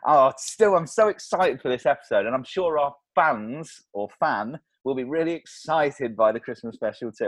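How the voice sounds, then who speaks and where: A man's voice: medium pitch, moderate pace, hardly any pauses. A man co-hosting a casual podcast, joking and laughing often. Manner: giggly, animated, jokey. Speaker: podcast co-host.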